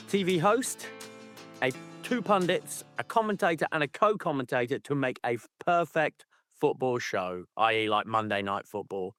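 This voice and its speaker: A man's voice: medium pitch, a bit bright. A man co-hosting a football podcast, chatting casually in a rambling, teasing way. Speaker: podcast co-host. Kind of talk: casual chat.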